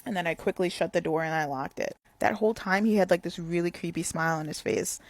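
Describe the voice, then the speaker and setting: A woman's voice: fairly low pitch, quick pace, dry recording. A young woman telling a casual storytime, rambling with lots of "like" fillers.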